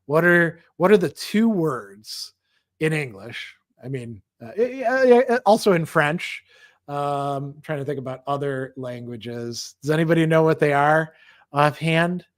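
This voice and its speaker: A man's voice: fairly high pitch, expressive, measured pace, no echo, studio quality. A middle-aged male philosophy professor teaching an online class in a conversational lecture style, now and then acting out angry quotes. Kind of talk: casual lecture answering class questions.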